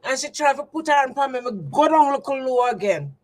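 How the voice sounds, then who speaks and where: A woman's voice: sits high, animated, a little fast, low-quality recording. A woman with a Jamaican accent, telling a personal story to her livestream viewers in an emphatic, repetitive, testimony-like way. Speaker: livestream host.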